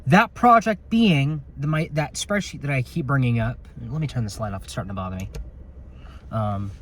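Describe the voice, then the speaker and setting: A man's voice: medium pitch, normal speed, a bit bright, a little hiss or hum. A man working as a security officer, vlogging casually into his phone from inside his patrol car at night, rambling and joking with some swearing. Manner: rambling, joking, slightly profane. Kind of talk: casual vlog while on patrol. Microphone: phone camera in a car.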